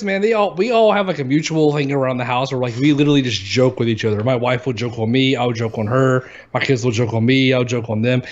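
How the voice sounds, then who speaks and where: A man's voice: mid-range voice, lo-fi sound. Rambling, cursing man on a live show. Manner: swears a lot, rambling and laughing. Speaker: co-host of a live gaming show. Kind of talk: casual chat.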